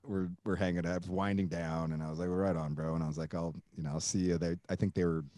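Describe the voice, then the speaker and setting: Low-voiced man telling a rambling story. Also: little pitch movement, quick pace, mellow, no echo, studio quality. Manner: rambling, profane, many fillers and restarts. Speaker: podcast host. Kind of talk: casual storytelling.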